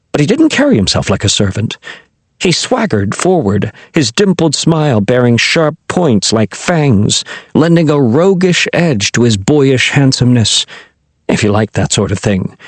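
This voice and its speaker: A man reads a children's fantasy audiobook with a lively, expressive delivery. His voice is husky and slightly breathy, and the sound is dry and close. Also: medium pitch, no room sound. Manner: expressive, animated storytelling. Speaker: audiobook narrator. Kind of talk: audiobook narration.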